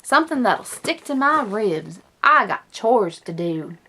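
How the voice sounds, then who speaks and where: A woman's voice: mid-range voice, big pitch swings, unhurried, pushed and bright, a little hiss or hum, exaggerated voice. A woman voicing a horse-mad little cowgirl in a put-on Western twang, reading a picture book aloud. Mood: eager. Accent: put-on American Western twang. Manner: drawling, folksy storybook read-aloud.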